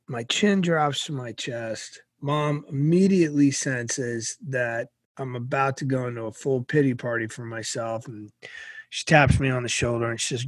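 A middle-aged man from Massachusetts, an interview guest telling a personal story in an animated way. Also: mid-range voice, moderate pace, dry recording, clean studio sound.

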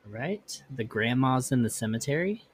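A man's voice: medium pitch, expressive, normal speed, slightly rough, dry recording. Man reading ghost stories with asides. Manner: reads text, then breaks off into offhand comments. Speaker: podcast host.

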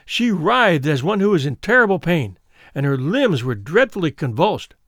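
A man reading the part of a frightened young woman who recounts her twin sister's death, in an earnest, measured storybook telling. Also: fairly high pitch, very animated, a bit bright, no echo, clean studio sound, exaggerated voice. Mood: fearful. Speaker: audiobook reader.

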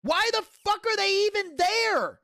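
A man's voice: very high voice, expressive, unhurried, vocal fry, pushed and bright. A man co-hosting a casual podcast, ranting heatedly and profanely and arguing through rhetorical questions. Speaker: podcast co-host.

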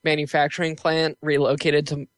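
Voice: mid-range voice, flat delivery, moderate pace, no room sound. A podcast co-host chatting casually and making wry, joking asides.

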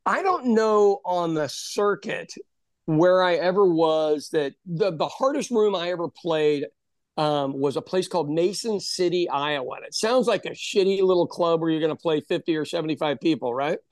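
A man from Oklahoma, a former stand-up comic, telling stories in a casual, animated chat with frequent swearing. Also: fairly high pitch, no room sound, studio quality. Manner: animated storyteller, swearing, quick asides.

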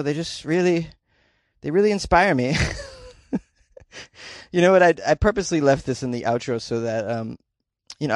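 A man's voice: mid-range voice, dry recording, studio quality. A man hosting a comedic news podcast, joking through stories and reading listener reviews in a playful way. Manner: jokey, playful asides, breaks into silly singing. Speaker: podcast host.

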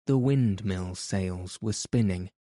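A man reads a classic tale aloud in a measured, even storytelling manner. His voice is low and mellow, and he takes it very slowly. The recording is dry and close. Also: no echo. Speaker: audiobook narrator. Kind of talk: scripted narration.

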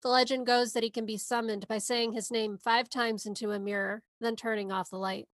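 A woman's voice: fairly high pitch, level tone, a little fast, dry recording. A woman podcast co-host giving a movie synopsis in a casual, sarcastic way. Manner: sarcastic, wry asides.

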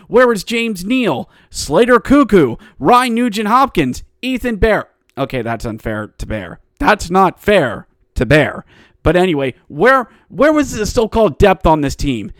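A man's voice: high voice, no echo, clean studio sound. A man hosting a solo sports podcast, mocking and ranting, rising into exasperated outbursts. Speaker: podcast host. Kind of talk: sarcastic solo sports commentary.

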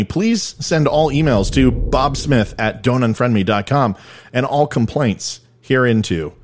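A man's voice: mid-range voice, animated, measured pace, a little hiss or hum. A middle-aged man hosting a podcast, delivering comedic political commentary in an irreverent, self-deprecating, joking manner. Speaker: podcast host.

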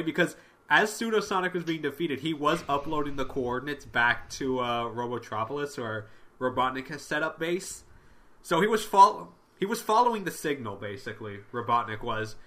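A man co-hosting a casual podcast, recapping comic issues and acting out the characters' lines with plenty of swearing. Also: a little high. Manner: animated, acts out characters' lines with profanity. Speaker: podcast co-host.

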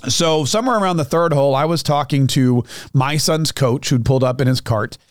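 Middle-aged man, talk show host, rambling self-mocking monologue, slightly high voice, dry studio sound. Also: clean tone, dry recording. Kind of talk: casual monologue.

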